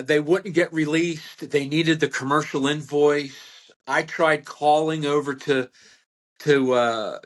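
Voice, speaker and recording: A veteran butcher, an older American man, appears as a podcast guest and tells rambling stories in a casual interview. His voice is mid-range and a bit bright, and he frequently restarts and laughs.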